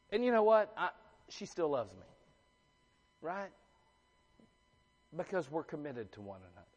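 A man's voice: high voice, in a large hall. A man preaching a sermon to his congregation, chatty and joking, asking the room questions. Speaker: pastor. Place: church sanctuary.

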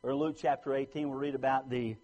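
A man preaches a sermon in a husky, somewhat breathy voice of ordinary pitch. He is from the United States. He rises loud and emphatic, then sinks low and soft. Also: flat delivery, quick pace, dull audio.

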